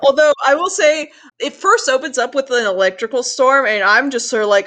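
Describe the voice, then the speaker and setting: A woman co-hosting a casual chat, recapping a cartoon episode in an animated way, swearing and acting out characters' lines. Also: high-pitched. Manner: animated, swears, acts out lines in quick voices. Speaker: podcast co-host.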